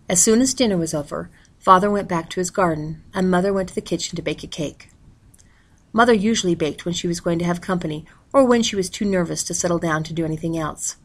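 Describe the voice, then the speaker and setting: A woman reading a novel aloud in a steady, plain narrating manner. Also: lowish voice, creaky. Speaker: reader.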